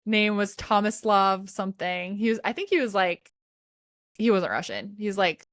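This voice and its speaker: A woman's voice: mid-range voice, moderate pace, dry recording, clean studio sound. A woman in her thirties hosting a podcast, telling stories in a chatty, giggly way over a video call. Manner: chatty storyteller, animated quoting, giggly. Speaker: podcast host. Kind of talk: casual chat.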